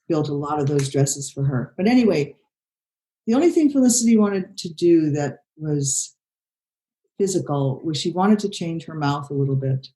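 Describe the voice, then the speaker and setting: An older woman director talks through her work in a relaxed interview. Her voice sits low and warm. She meanders, restarts her sentences and leans on "you know" constantly. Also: low-quality recording. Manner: rambling, many "you know" fillers and restarts. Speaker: film director, interview guest. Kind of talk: conversational interview.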